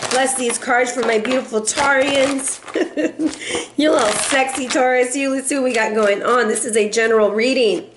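A woman's voice: high-pitched, moderate pace, noisy background. A woman doing a casual tarot reading in a sassy, playful way, laughing often and teasing her viewers. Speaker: tarot reader.

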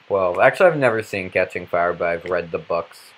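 A man's voice: low-pitched, fairly quick, hardly any pauses. A man giving goofy, rambling commentary while playing a video game, breaking into random outbursts. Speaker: let's play commentator.

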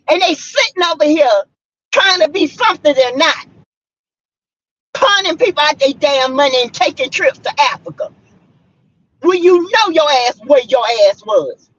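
A woman's voice: high-pitched, a bit bright, no room sound, highs cut off. A woman from South Carolina, a vlogger, delivering a fiery, preachy, blunt rant to her viewers from her car.

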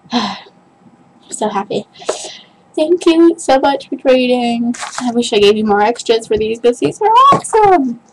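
A young woman unboxing a package for her vlog, gasping and squealing as she gushes over each item. Her voice sits high, and a faint hiss runs under the recording. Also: unhurried, long pauses. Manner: gushing, squealing, gasping with delight. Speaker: vlogger opening a package.

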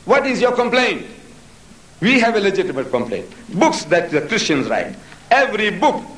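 Male lecturer, high voice, emphatic and questioning; distant mic, reverberant hall. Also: very animated, moderate pace, a bit bright. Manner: emphatic, rhetorical questions to the audience. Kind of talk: public religious lecture. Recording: echoey hall, voice from far off.

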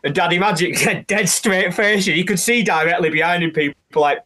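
A man co-hosting a podcast, trading lively banter, swearing freely and ending his remarks with tag questions. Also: sits high, a little fast. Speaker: podcast co-host. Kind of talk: casual chat.

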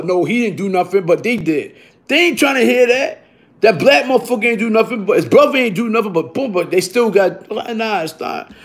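A man from Brooklyn, talking in a rambling, profane street monologue full of repeated tag questions. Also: high-pitched. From Brooklyn, New York. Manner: streetwise, profane, repeats "you heard?" tags. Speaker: vlogger.

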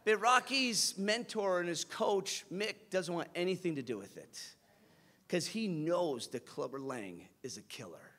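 High bright-voiced male preacher. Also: a little slow. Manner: animated storytelling, acting out scenes. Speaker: pastor. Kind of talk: sermon.

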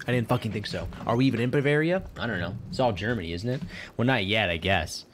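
A man's voice: on the low side, lively intonation, fast talker, noisy background. A young man doing gameplay commentary, crude and sarcastic with muttered asides. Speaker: let's play host.

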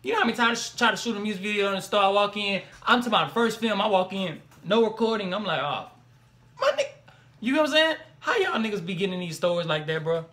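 With a high voice that races along with few pauses, a young man comments for his reaction video. He is animated and slangy, exclaiming and laughing between remarks.

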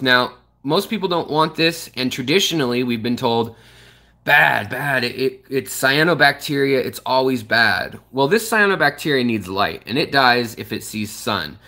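Man, aquarium hobbyist, casual tutorial, rambling, lots of fillers, mid-pitched, showing off his tank indoors. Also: fairly bright tone. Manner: loose and rambling, with frequent fillers and restarts; shows and points at parts of the tank while explaining. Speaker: aquarium channel host.

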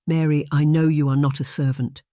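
A woman's voice: deep voice, level tone, fairly quick, dark tone, no room sound, clean studio sound, close to an everyday voice. A narrator voicing a dignified noble lady who speaks formally, trying to keep her composure. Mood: earnest. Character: noble English lady, composed yet shaken.

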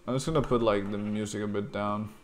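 A man's voice: on the low side, fairly even intonation, fast talker, slight background noise. A young man streaming a block-building game, grumbling and swearing while stumbling over repeated words. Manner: stammering restarts, swearing, grumbling. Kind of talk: casual gaming commentary.

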